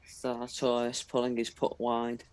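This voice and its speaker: A British man co-hosting a casual sports watch-along, plainly calling the action as it happens on screen. His voice sits in a middle pitch and sounds close and dry. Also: monotone, unhurried, darkish tone, smooth, no room sound. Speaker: live stream co-host. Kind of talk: casual sports commentary chat.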